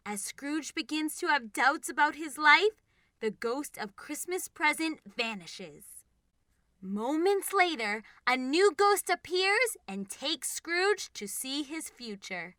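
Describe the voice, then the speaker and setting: A woman narrating a bedtime storybook, slow and clear. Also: high-pitched, big pitch swings, sharp tone, no room sound.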